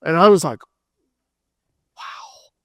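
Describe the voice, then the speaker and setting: A man giving a conference keynote, telling a story in a loose, animated way with many fillers and restarts, acting out what people said. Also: high voice, unhurried, dry recording, studio quality. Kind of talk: storytelling talk.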